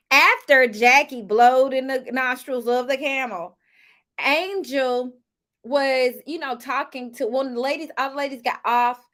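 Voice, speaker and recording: A woman casually recapping a reality show episode, chatting to viewers with lively asides and storytelling. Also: sits high, slow pace.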